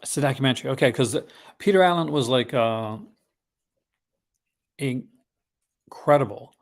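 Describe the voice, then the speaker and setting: A man's voice: mid-range voice, expressive, fast. A man hosting a casual live unboxing stream, chatting in a rambling, conversational way with enthusiastic asides about films he collects.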